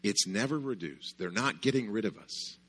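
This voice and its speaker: A man's voice: fairly low pitch, animated, normal speed, a bit bright, breathy edge. A man giving a conversational parenting talk at a church conference, often checking in with "right?". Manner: conversational, lots of "right?" asides. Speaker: conference speaker.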